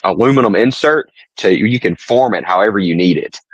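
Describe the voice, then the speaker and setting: Soft-spoken Southern man, dry mic. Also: on the low side, animated, a little fast, no room sound, poor audio. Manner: soft-spoken, laid-back drawl. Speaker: podcast co-host. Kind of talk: casual chat.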